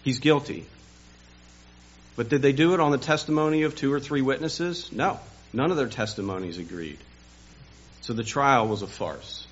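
Man, pastor, sermon, husky voice, dramatic storytelling, dull lo-fi audio. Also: mid-range voice, animated, normal speed, long pauses. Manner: dramatic, building to loud emphasis.

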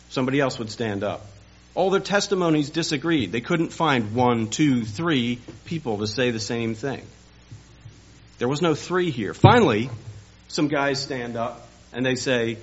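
A man preaching a Sunday sermon, telling a story dramatically and building to loud emphasis, on a dull, lo-fi recording. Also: medium pitch, lively intonation, unhurried, breathy edge. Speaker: pastor.

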